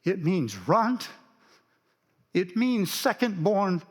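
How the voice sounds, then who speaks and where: A male pastor telling a story in a sermon, dropping to a hush and then swelling for emphasis. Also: high-pitched, very animated, very slow, husky. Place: church sanctuary. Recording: long reverb of a church sanctuary.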